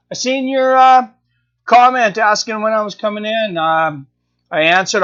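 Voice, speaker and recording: A man's voice: sits high, a bit bright. A man hosting a live stream, chatting casually and answering viewer comments, thinking aloud with lots of fillers and restarts. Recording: dull lo-fi stream audio.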